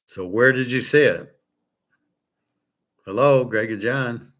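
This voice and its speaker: A man's voice: medium pitch, takes it slowly, fairly bright tone. A man hosting a livestream, chatting casually and answering viewers' questions in a blunt, opinionated, wandering way. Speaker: livestream host answering chat. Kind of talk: casual rambling chat.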